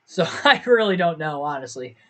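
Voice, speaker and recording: A man's voice: a little high, very animated, normal speed, fairly bright tone. Young man thinking aloud on stream. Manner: thinks aloud, second-guesses himself. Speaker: gaming livestreamer. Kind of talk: casual livestream commentary.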